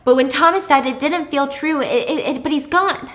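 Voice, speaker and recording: Girl putting on a creepy young stalker lady, breathy begging voice, high. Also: normal speed, a bit bright. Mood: pleading. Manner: breathless pleading, turning icy. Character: obsessive young woman stalker, pleading then cold.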